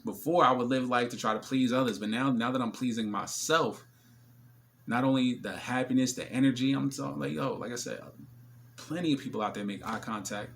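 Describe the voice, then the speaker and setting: A man tells stories in a loose, slangy monologue. His voice is gravelly at mid pitch, and he animates his stories by acting out other people. A faint hiss sits behind him. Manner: slangy, many fillers. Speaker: vlogger. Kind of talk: casual storytelling monologue.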